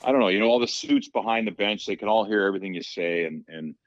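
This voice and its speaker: A man's voice: on the low side, fast, dry recording, dull audio. A man, a guest on a podcast, telling stories casually and acting out the lines of the people in them. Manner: animated storyteller, acts out quotes. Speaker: podcast guest, former hockey player. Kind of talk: casual storytelling.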